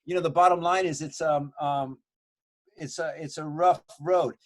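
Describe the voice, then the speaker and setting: A man's voice: fairly high pitch, fairly even intonation, moderate pace. A man in his sixties, a guest filmmaker, telling rambling stories from his home with lots of swearing and restarts. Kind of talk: casual storytelling chat.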